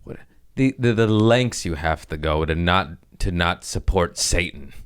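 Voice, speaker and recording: A man with a very deep voice chats loosely on his comedy podcast. He is high and keeps cracking himself up. His talk wanders in a self-mocking, giggly way. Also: expressive, unhurried, clean tone. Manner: giggly, stoned, self-mocking with bursts of laughter. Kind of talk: casual rambling chat.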